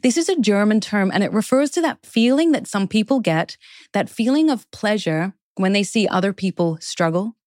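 A woman's voice: mid-range voice, lively intonation, moderate pace, a little mellow. A woman talks as a guest in an interview. She explains her points earnestly and in ordered steps. The sound is close and dry, with no room echo. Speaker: guest author. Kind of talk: interview conversation.

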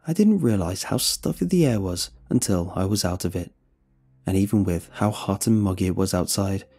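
Gravelly man narrating a horror story. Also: low-pitched, normal speed, soft background music. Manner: expressive, suspenseful.

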